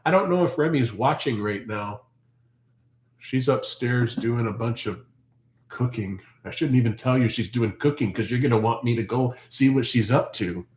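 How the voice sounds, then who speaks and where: A man's voice: medium pitch, normal speed, a little mellow. A Canadian man hosting a farm live stream, talking on and on as he answers viewer comments. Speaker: farm channel host. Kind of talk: casual live-stream chat. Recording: roomy echo.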